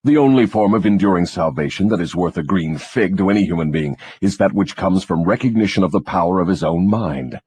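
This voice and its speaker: A man's voice: low-pitched, expressive, brisk, hardly any pauses, a little mellow, husky, no echo. A man voicing a scornful, cunning devil who gloats and lectures in a mocking audiobook dramatization.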